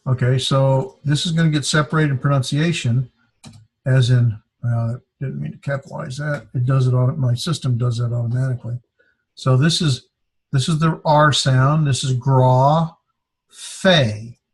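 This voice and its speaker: A man teaching a classroom lesson, speaking haltingly and sounding words out syllable by syllable. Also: mid-range voice, fairly even intonation, husky. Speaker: Greek teacher.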